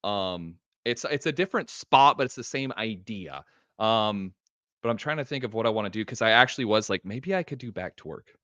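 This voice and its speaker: A man guesting on a casual live stream, with a bright, sharp-edged voice recorded close and dry. He talks laid-back and loose, swears casually, and often trails off into quieter mumbles. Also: fairly low pitch, animated, fairly quick, no echo, dull audio.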